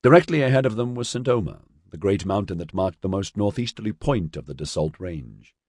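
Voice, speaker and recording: A man narrating a novel as an audiobook in a measured, scripted reading. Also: on the low side, animated, a little mellow, slightly rough, dry recording, studio quality.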